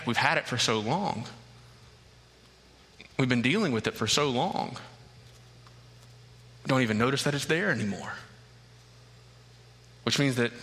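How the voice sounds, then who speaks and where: A man delivers a sermon, telling the story plainly before building to impassioned intensity. His voice is sharp and very bright. It rings out with a long reverb, as in a large hall. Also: medium pitch. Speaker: preacher.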